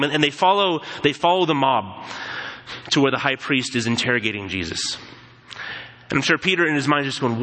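A man preaching a sermon, retelling a story in an animated way and acting out what people say. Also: medium pitch, brisk, long pauses, long reverb tail, poor audio. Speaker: pastor.

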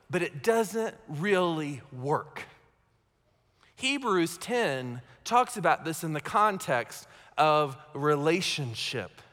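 In a high, slightly bright voice, a man preaches as pastor in a conversational, self-deprecating style, often checking in with those listening. Long hall reverb fills the recording.

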